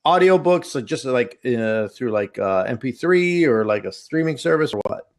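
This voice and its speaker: A man co-hosting a podcast in casual chat, joking and animated, with slangy talk. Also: medium pitch, moderate pace. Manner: joking, animated, slangy, puts on funny voices. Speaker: podcast co-host.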